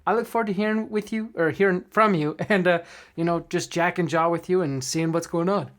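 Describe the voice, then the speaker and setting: A man's voice: sits high, brisk, fairly bright tone. A man hosting a podcast that coaches dungeon masters, talking in an eager, friendly, casual way. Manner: eager and friendly, with small fillers. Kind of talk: upbeat casual podcast talk.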